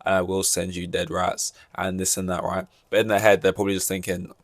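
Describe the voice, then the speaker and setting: A man's voice: deep voice, little pitch movement, brisk, no echo, studio quality. A man hosting a solo podcast, rambling and joking through casual chat with many fillers and restarts. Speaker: podcast host.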